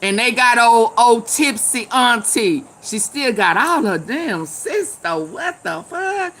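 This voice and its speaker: Tipsy woman, slow drawl, bright and forceful, loud laughs, swears at viewers. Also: on the high side, animated. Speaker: live stream host. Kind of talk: casual live chat with viewers.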